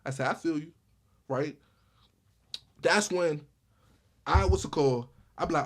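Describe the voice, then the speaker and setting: A man telling a true story in a casual storytime vlog, animated, with lots of repeated starts like "I said, I said". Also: fairly high pitch, moderate pace, pauses often, slightly rough. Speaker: storyteller vlogger.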